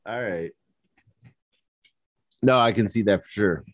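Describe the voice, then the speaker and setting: A man co-hosting a casual movie podcast, animated, laughing often and restarting his sentences. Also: fairly low pitch, takes it slowly, no room sound, studio quality. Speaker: podcast co-host. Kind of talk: casual chat about movies.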